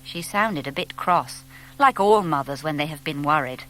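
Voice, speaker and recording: A woman narrating a children's storybook in a gentle, expressive reading. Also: low-pitched, normal speed, slight background noise. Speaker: audiobook narrator.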